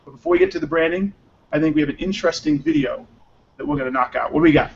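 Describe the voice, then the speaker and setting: Upbeat high-voiced male podcast host. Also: racing, slight background noise. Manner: upbeat, joking, rambling. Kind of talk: casual chat. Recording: muffled lo-fi audio.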